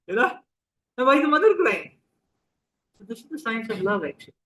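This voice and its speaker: High-voiced Indian man giving a chatty sermon. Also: big pitch swings, a little fast, bright, forceful tone, a little hiss or hum, poor audio. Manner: conversational, asks the audience questions, mixes in Hindi. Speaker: spiritual teacher. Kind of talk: sermon to a live audience.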